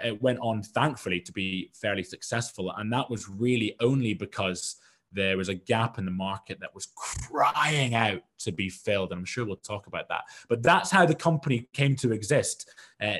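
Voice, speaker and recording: A man's voice: fairly low pitch, a bit bright. A man from the United Kingdom, a guest entrepreneur, telling his story in a self-deprecating, rambling way. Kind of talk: casual storytelling in an interview.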